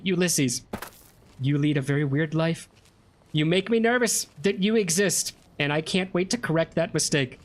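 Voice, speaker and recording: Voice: mid-range voice, normal speed. A streamer giving casual, self-mocking commentary while playing a game, laughing often at their own mistakes. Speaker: gameplay streamer. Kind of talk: casual let's-play commentary.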